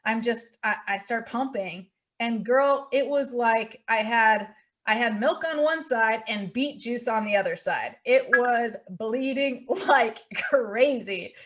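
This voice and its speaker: Brief: young woman podcast host, high-pitched, animated chatty storyteller. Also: measured pace. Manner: animated storytelling, acts out her own thoughts. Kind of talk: casual chat.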